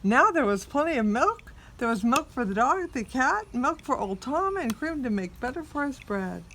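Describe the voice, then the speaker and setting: A woman reading a picture book aloud to a small child, expressive and coaxing the child to join in. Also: sits high, normal speed, slight background noise.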